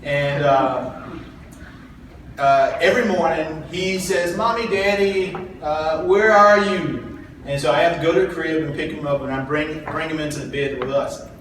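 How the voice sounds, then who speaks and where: A party chair candidate from South Carolina addresses a convention crowd in an earnest, folksy speech that rises to rallying calls. His voice is on the high side, fairly even in intonation, at normal speed. It's recorded from far off in an echoey large convention hall, with faint noise.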